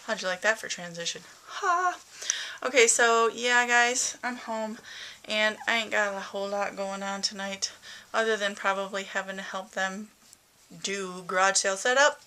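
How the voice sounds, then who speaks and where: A woman's voice: medium pitch, unhurried, bright, forceful tone, slight background noise. A woman vlogging casually about her day at home, candid and chatty. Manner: chatty, candid, sing-song with her cat. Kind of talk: casual video diary. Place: at home, bedroom.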